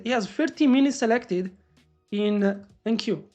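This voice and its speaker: A woman day trader live-streaming her trades, talking excitably to viewers and swearing freely. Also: on the high side, a little fast, faint music behind. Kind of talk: live-stream trading commentary.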